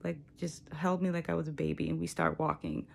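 Young woman, gravelly voice, earnest reflective storytelling, casual vlog talk. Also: low-pitched, little pitch movement, fairly quick, a little hiss or hum. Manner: earnest, reflective, many likes and you knows. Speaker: vlogger sharing a spiritual journey.

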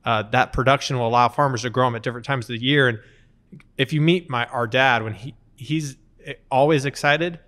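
Man, 30s, interview guest; lively storyteller, average pitch. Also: fairly quick. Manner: lively anecdotal storytelling, acts out quotes. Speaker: company co-founder, interview guest. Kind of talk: conversational storytelling.

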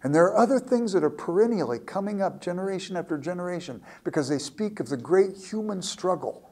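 A man's voice: sits high, lively intonation, a little fast, mellow. A man giving a lecture, telling a classroom anecdote and often repeating words as he starts a thought. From United States. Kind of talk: storytelling lecture.

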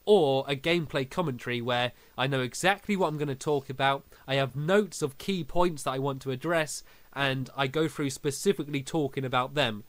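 A man's voice: medium pitch, a little fast, dry recording. A young man hosting a casual podcast, telling stories animatedly and laughing often. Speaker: podcast host. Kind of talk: casual chat.

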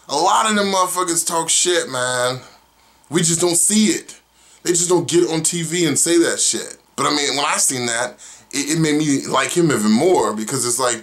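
Profane, ranting young man vlogger. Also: mid-range voice. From Oklahoma. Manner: profane, animated, rambling. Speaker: vlog host. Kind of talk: casual opinion rant.

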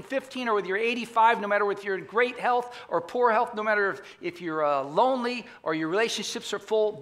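A man's voice: sits high, a bit bright. A man pastor giving a conversational sermon, often asking the congregation questions. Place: church auditorium.

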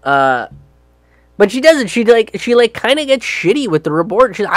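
A man's voice: high-pitched, big pitch swings, normal speed, no echo, clean studio sound. Ranting male political comedian. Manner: ranting, profane, many fillers. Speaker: comedian and commentator.

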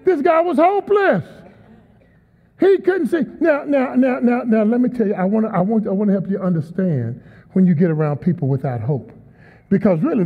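A man preaching a sermon as guest speaker, emphatic, with call-and-response to the congregation. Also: extremely high pitch. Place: large church auditorium. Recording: tinny sound in a long-reverb hall.

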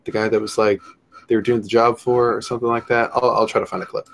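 A man's voice: medium pitch, level tone, quick pace, gravelly, a little hiss or hum. A man hosting a casual chat, joking crudely and teasing his guests. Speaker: host.

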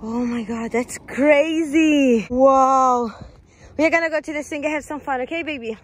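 A woman's voice: high voice, steady tone, a little fast. A woman chatting casually in an outdoor vlog while talking to her baby. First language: Portuguese. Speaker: vlogger. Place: outdoors at a park.

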